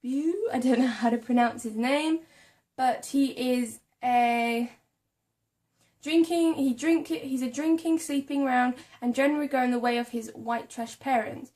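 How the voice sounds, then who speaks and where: Unhurried and a little mellow, this young woman has a high voice. As a book vlogger, she talks casually about her book haul, reading the blurbs out and stumbling over difficult words and names.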